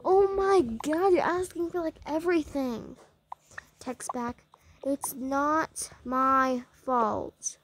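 A woman's voice: high-pitched, slow pace, hardly any pauses. A young woman giving casual, rambling commentary while playing a game, talking to the game and her viewers. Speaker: gameplay vlogger.

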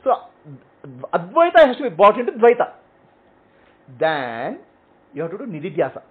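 Sitting high in pitch, this man's husky voice has a sing-song quality at a normal speed. He's a spiritual teacher explaining and answering questions in brief repeated phrases, checking in with "okay?", over tinny, phone-like sound.

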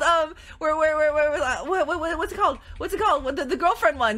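A woman streaming a game, reacting loudly with quick jokes and frequent bursts of excitement. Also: sits high, slight background noise. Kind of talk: live gameplay commentary.

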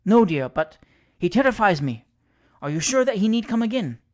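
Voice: medium pitch, sing-song, moderate pace, a little mellow, close to an everyday voice. A reader voicing a fearful young English wife in a classic ghost story, speaking timidly and with dread. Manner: timid, frightened.

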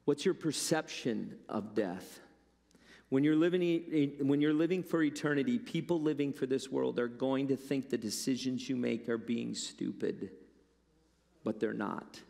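A man's voice: mid-range voice, measured pace, vocal fry, dark tone. A male pastor preaching a sermon in a conversational, storytelling way. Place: church. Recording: long church-hall reverb.

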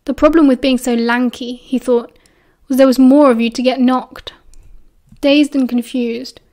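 Casting: British woman, audiobook narrator, high voice, expressive and steady. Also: a little slow. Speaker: audiobook reader.

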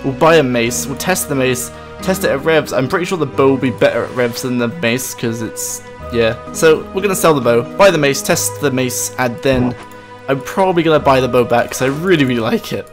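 A man hosting a gaming channel, commentating his play live in an excitable, playful way, often jumping into high-pitched outbursts and laughing at his own misfortune. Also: a little fast. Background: game background music.

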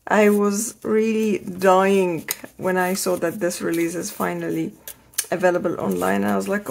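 Middle-aged woman host, unhurried, gravelly, effusive craft haul, faint background hiss. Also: lowish voice, fairly even intonation, darkish tone. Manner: gushing, enthusiastic, repeats praise words. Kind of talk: casual product haul show-and-tell.

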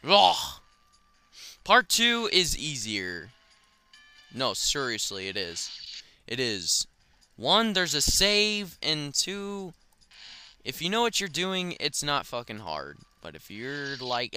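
Excitable, cursing young male gamer. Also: mid-range voice, slow pace, smooth, faint music behind. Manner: profane, excitable, shouts in frustration. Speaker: gaming commentator. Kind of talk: casual let's play commentary.

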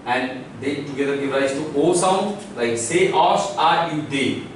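A man with an Indian English accent gives an online language lesson, drilling sounds and putting questions to his viewers. His voice sits a little high and rings in a very echoey room, picked up from some distance. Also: unhurried, a little hiss or hum. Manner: instructive, repeats sounds and quizzes viewers. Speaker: language teacher.

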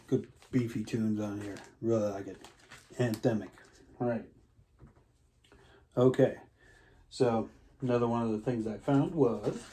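A man's voice: lowish voice, warm tone, a little hiss or hum. A man casually talking through his favorite records in a rambling vlog, with lots of fillers and easy enthusiasm. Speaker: vinyl collector reviewing records.

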